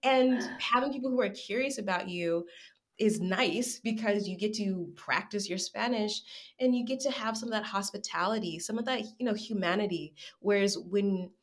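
An American woman in her twenties or thirties chatting candidly in an interview, animated and acting out her own inner voice. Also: medium pitch, moderate pace. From United States. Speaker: guest. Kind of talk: casual interview chat.

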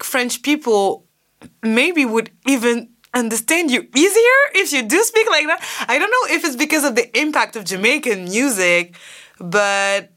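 A woman's voice: a little high, sharp tone. A woman from Guadeloupe hosting a casual interview, supportive, with lots of short agreements. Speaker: interview host.

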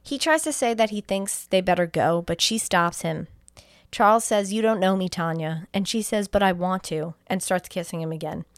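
Her voice sits on the low side and moves at a moderate pace: a young adult podcast co-host casually recapping a film one scene at a time. She performs the characters' lines with animation and laughs a lot, captured in dry, clean studio sound.

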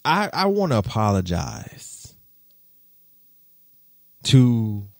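A male podcast host talking off the cuff in loose, slangy speech. His pitch leaps high and drops low as he gets into a story. The sound is dry and close, with no room around him. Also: unhurried, no echo. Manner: animated, slangy storytelling with swings in pitch and loudness. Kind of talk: casual podcast monologue.

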